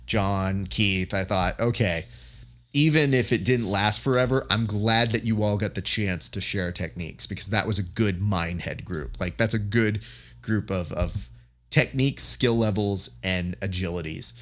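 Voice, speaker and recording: A man hosting a podcast, telling a story in a relaxed chat and acting out the back-and-forth he describes. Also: lowish voice, normal speed. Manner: animated storyteller who acts out quoted exchanges. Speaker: podcast host.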